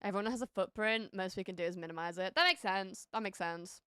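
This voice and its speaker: A woman's voice: mid-range voice, fast, sharp tone, clear, resonant tone, no echo, studio quality. A woman from the North of England with a Northern English accent, chatting casually with viewers on a live stream, laughing often and repeating words as she restarts sentences.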